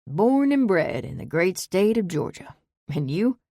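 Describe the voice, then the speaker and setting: A woman voicing a charming, laid-back male chef with a slow, courtly Southern drawl in an audiobook. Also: fairly low pitch, sing-song, warm tone, no room sound, studio quality, voice pushed up, exaggerated voice. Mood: easy charm. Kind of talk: audiobook character voice.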